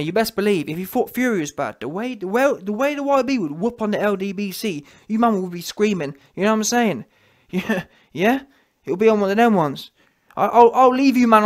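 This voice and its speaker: A man delivering a mocking rant to camera, who keeps asking his audience "yeah?" for agreement. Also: high-pitched. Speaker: vlogger. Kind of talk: ranting monologue to camera.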